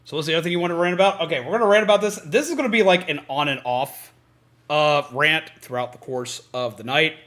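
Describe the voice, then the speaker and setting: A man with a slightly high, a bit bright voice talks fast while streaming a game, chatting in a casual, goofy way and also addressing his pet bird. Game music plays beneath his voice.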